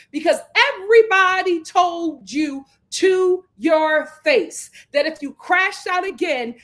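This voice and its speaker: Animated sarcastic woman ranting. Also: high-pitched. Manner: animated, sarcastic, mocking impressions, breaks into laughter. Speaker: commentary channel host. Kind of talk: reality TV recap rant.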